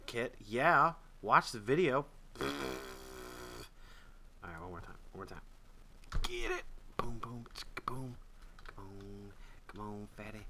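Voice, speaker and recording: A man giving casual gameplay commentary, excitable and swearing, jumping between loud yelps and muttered grumbles. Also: lowish voice. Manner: swears and trash-talks the game. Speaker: gaming channel host.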